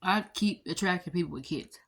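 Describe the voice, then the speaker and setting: A woman's voice: lowish voice, brisk, a bit bright. A woman in her thirties chatting casually to her viewers, rambling through storytime anecdotes and addressing them as y'all. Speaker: vlogger.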